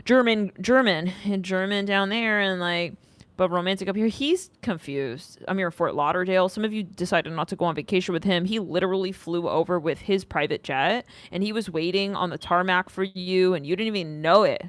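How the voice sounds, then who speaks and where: A woman's voice: on the low side, fairly quick, no echo. A woman doing a casual tarot reading, rambling and sassy, with swearing along the way. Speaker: tarot reader.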